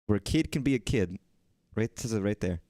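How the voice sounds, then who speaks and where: A man's voice: lowish voice, expressive, fairly quick, dark tone, no echo, studio quality. A man from Texas streaming, rambling casually, joking and swearing as he talks.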